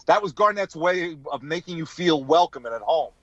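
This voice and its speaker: In this interview the former sideline reporter is an animated anecdote teller who performs the quotes of the people in his stories. He speaks at a moderate pace in a voice on the high side, captured as dull, dry podcast audio with no room sound.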